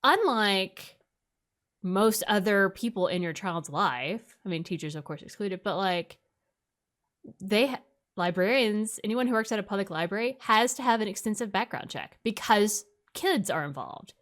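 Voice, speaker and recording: A woman's voice: medium pitch, expressive, moderate pace, fairly bright tone. A woman co-hosting a podcast, talking in an emphatic, ranting way with lots of "like" in casual chat. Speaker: podcast co-host.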